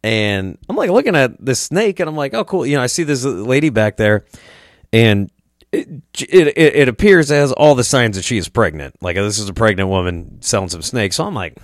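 A man's voice: mid-range voice, lively intonation, normal speed, dry recording, studio quality. A young man from Iowa telling a rambling, profane story as a podcast host, acting out the voices of people he quotes. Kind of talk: casual storytelling.

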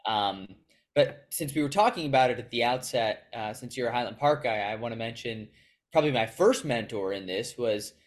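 A young man, a guest in an interview, answering earnestly and reflectively about his path in sports media. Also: medium pitch. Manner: earnest, reflective, quick storytelling. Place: Chicago.

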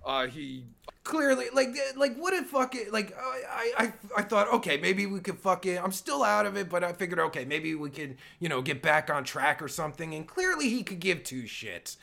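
A man's voice: high voice, sing-song, normal speed, vocal fry, pushed and bright. A man reacting to a recording of his own interview, swearing heavily and ranting in exasperation. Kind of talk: angry reaction commentary.

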